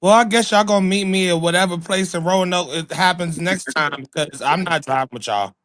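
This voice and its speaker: A man with a slightly raised pitch cuts into the chat with joking remarks. He is heard off-mic from across the room, so his voice sounds distant. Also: a little fast, a bit bright, no echo, clean studio sound. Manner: joking interjections from the side. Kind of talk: casual chat.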